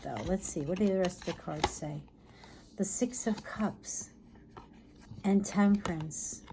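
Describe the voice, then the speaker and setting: A woman giving a casual tarot reading, thinking aloud in a chatty, tired way, sometimes dropping low and soft. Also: slight background noise. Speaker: tarot reader.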